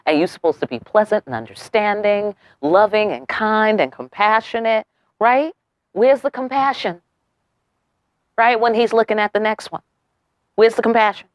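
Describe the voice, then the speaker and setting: A woman's voice: mid-range voice, normal speed, dry recording, studio quality. A young woman giving a casual tarot reading, brash and profane, firing off rhetorical questions and tagging "okay?" onto her lines. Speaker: tarot reader.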